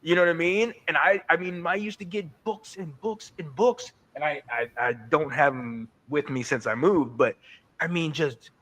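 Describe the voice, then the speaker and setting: 40s guy from north carolina, kinda high voice, animated rambly sports storytelling on a podcast. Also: normal speed. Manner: animated storytelling, often repeats words. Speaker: podcast co-host. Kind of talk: casual sports chat.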